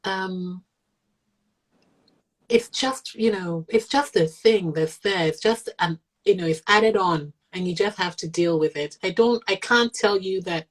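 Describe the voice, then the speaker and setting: A woman's voice: medium pitch, a little slow, low-quality recording. A middle-aged woman, a mother, talking earnestly and reflectively in an interview. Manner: earnest, reflective, voices others in quotes. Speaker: guest, mother of an autistic child. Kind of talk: candid conversational interview.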